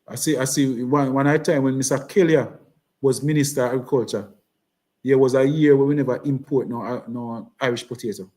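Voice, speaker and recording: Speaking fairly quickly in a warm, medium-pitched voice with fairly even intonation, a Jamaican-accented man delivers a passionate campaign speech, going over points repeatedly and switching into patois.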